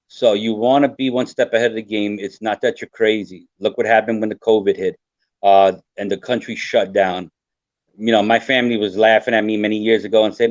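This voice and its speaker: A man's voice: on the low side, steady tone, a little fast, a little mellow, no room sound. An older man, a guest survival expert, talking earnestly and rambling in a casual podcast chat. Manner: earnest, rambling, repeats himself. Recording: dry, dull lo-fi sound.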